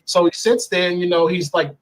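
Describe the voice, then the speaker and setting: A man's voice: high-pitched, fairly quick, low-quality recording. A man as an interview guest, bluntly and profanely telling a personal story. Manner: blunt and profane, speaks freely.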